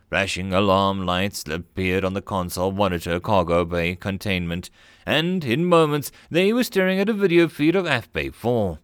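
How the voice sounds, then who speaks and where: A man narrating a science fiction story in an expressive storytelling manner. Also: on the low side, clean tone, no room sound, clean studio sound.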